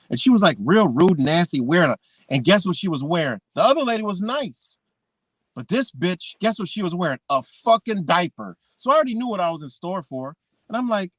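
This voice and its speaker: A man's voice: on the high side, animated, normal speed, no echo. A man hosting a live talk stream, ranting bluntly with heavy swearing and mimicking the people he quotes. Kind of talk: profane ranting monologue.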